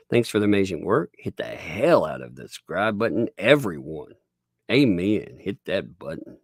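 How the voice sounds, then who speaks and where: A man's voice: low-pitched, dry recording, clean studio sound. A man hosting a casual livestream, rambling and laughing as he thanks viewers and reads chat. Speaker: livestream host.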